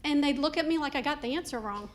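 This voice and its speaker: A high-pitched woman works a comedy club crowd in a stand-up set. She is middle-aged and talks in a chatty, animated way, with plenty of "like" asides. She is heard through a handheld stage mic. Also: quick pace. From Georgia, US.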